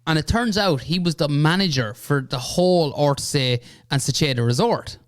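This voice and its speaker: Irish man telling a lively story. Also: fairly high pitch, normal speed, no room sound, studio quality. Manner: animated anecdote-telling with lots of "right?" and "you know". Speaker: podcast guest. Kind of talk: casual storytelling.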